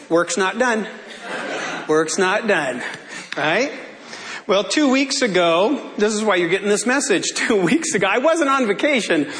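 A male pastor preaching a sermon in church, telling a story in a lively way and laughing often. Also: high voice, in a large hall. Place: church sanctuary.

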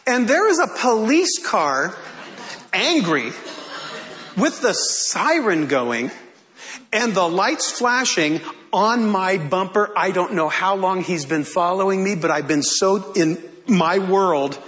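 A man's voice: high voice, lively intonation, slow pace, fairly bright tone. A male pastor preaching to his congregation, telling a self-deprecating personal story with humor.

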